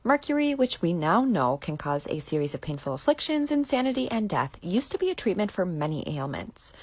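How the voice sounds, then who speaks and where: A woman narrating a short video clip with lively, emphatic delivery. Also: on the low side, fairly quick, dry recording.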